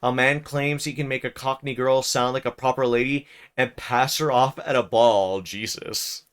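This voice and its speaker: A man's voice: mid-range voice, normal speed, smooth. A man streaming as he narrates a classic novel aloud, breaking off for casual, chatty asides to his chat. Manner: casual, chatty asides between even-paced reading.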